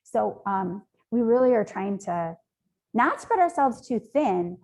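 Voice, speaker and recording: A woman's voice: mid-range voice, big pitch swings, takes it slowly, a little mellow. A woman speaking as an interview guest, earnest and rambling, with frequent ums and likes. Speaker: nonprofit founder, interview guest. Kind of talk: conversational interview.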